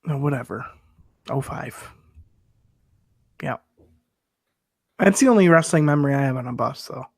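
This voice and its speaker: A man's voice: medium pitch, expressive, moderate pace, creaky, slightly rough, no echo, studio quality. A man co-hosting a podcast who laughs a lot and reacts with teasing, profane remarks. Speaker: podcast co-host. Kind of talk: casual chat.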